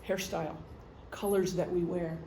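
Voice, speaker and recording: A woman's voice: lowish voice, steady tone, normal speed, vocal fry, warm tone, slight background noise. A middle-aged woman, a retired police officer, giving a casual, joking talk to a meeting and acting out gestures as she goes. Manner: chatty, joking, acts out gestures. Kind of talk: casual lecture. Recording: echoey meeting room.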